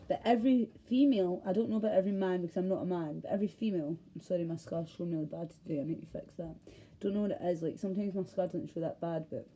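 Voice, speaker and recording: Speaking to camera, this Scottish vlogger delivers a heated, rambling rant full of swearing and abandoned thoughts. Her warm voice sits on the low side, and there's slight background noise.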